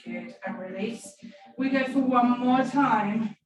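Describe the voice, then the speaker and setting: Lady coaching a stretch class, higher voice, echoey room, music going. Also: slow pace. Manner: encouraging, playful cues. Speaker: fitness instructor. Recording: echoey room, far from mic, music behind. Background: background music.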